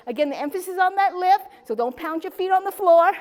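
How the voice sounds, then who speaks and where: A woman's voice: very high-pitched, brisk, few pauses. A woman leading a chair exercise class, upbeat and encouraging, cheering with whoops and slightly out of breath. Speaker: fitness instructor. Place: senior center hall.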